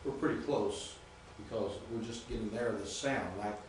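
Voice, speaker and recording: A male professor giving a classroom lecture, patiently spelling out Greek sounds and repeating words slowly. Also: fairly low pitch. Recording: echoey classroom from far off with faint noise.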